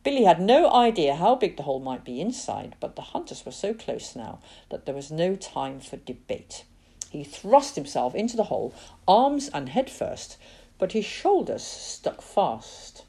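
A woman giving a dramatic, expressive reading of a children's novel as its narrator. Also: deep voice, measured pace, breathy edge. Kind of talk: storybook narration.

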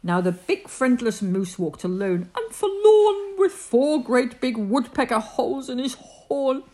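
A woman reading a rhyming bedtime story aloud in an animated storyteller's voice. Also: high voice, unhurried.

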